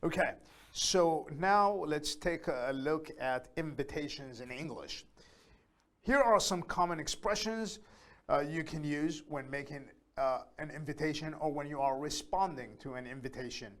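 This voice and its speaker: A man teaching a beginners' English lesson, speaking slowly and deliberately, repeating key phrases with many pauses and fillers. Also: a little high. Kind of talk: live online English lesson.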